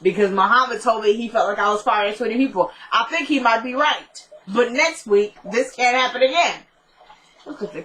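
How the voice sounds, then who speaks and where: A woman's voice: on the high side, a little fast, fairly bright tone, rough recording. A woman vlogger chatting casually as she retells a TV episode, with asides and laughs aimed at her viewers. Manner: laughs often, talks straight to her audience. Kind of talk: casual chat.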